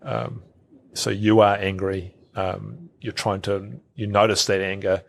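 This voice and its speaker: A man's voice: on the low side, flat delivery, measured pace, vocal fry. A middle-aged man, a podcast guest who talks casually, repeats words and acts out quoted thoughts. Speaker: guest, health researcher.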